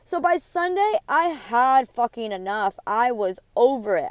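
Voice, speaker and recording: Woman podcaster, heated storytelling, profane, acts out quotes, clear resonant voice, dry recording. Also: a little high, very animated, measured pace, hardly any pauses, no echo. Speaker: podcast host. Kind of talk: casual storytelling monologue.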